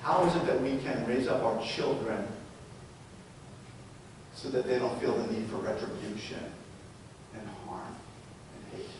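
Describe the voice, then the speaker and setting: A man's voice: fairly even intonation, normal speed, pauses often. A man giving a live talk to parents and educators, telling stories and asking rhetorical questions. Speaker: presenter. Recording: echoey hall, distant mic, faint rumble.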